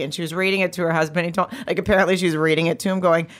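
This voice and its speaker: A woman's voice: lowish voice, steady tone, very fast, hardly any pauses. A woman telling a funny story in casual chat, swearing casually and laughing often.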